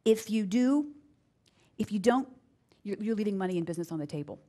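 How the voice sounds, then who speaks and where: Energetic woman leading a business workshop. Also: brisk. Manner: energetic, emphatic, repeats key phrases; acts out quoted voices with big pitch jumps. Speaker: speaker giving a business workshop. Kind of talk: live workshop talk to an audience.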